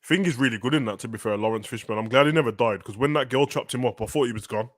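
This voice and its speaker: A man chatting casually as a fan channel co-host, animated and slangy, often acting out film lines. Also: mid-range voice, racing, dry recording, studio quality. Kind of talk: casual chat.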